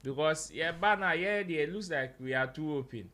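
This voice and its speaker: A man's voice: fairly high pitch, normal speed, sharp tone. A Ghanaian man hosting a casual panel chat, mixing English and Twi and reading out viewer comments. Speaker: show host.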